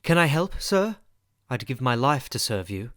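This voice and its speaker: A man voicing an earnest, modest young woman governess in a storybook reading, speaking softly. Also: mid-range voice, sing-song, normal speed, no echo, clean studio sound. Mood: concerned.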